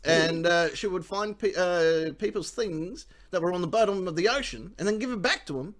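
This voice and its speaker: A man's voice: high voice, moderate pace. A man with an Australian accent hosting a live show, joking crudely and laughing often. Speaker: host. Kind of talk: casual comedic live-stream banter.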